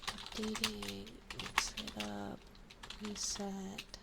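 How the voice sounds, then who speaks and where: A woman's voice: medium pitch, big pitch swings, very slow, creaky. A woman streamer chatting casually to her audience, muttering and grumbling while fixing her stream settings. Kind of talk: casual live-stream chat. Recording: loud background noise with keyboard clicks.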